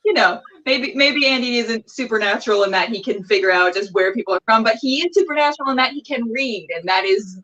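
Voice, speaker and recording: A woman's voice: a little high, fairly quick, few pauses, bright, forceful tone, dull audio. A woman hosting a casual interview over a video call, chatty and full of fillers. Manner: chatty, many fillers and restarts. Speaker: host.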